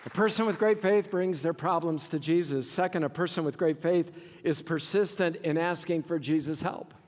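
A pastor preaching a sermon with a high voice that rings out through a large church hall with a long reverb tail. He climbs to shouted, emphatic passages, then drops into low, quiet asides. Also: normal speed.

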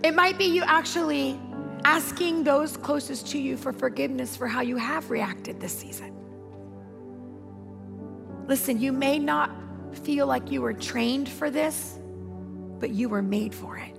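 High, gravelly woman preaching in a hall. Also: unhurried, pauses often. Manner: emphatic, conversational storytelling with repeated phrases. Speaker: pastor. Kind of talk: sermon with personal storytelling. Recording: long hall reverb with music behind.

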